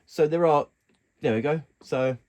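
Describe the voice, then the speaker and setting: A man walks through a casual keyboard tutorial in a fairly high voice, speaking haltingly and often stopping mid-sentence to correct himself. Loud keyboard music plays over his voice as he demonstrates the instrument's sounds.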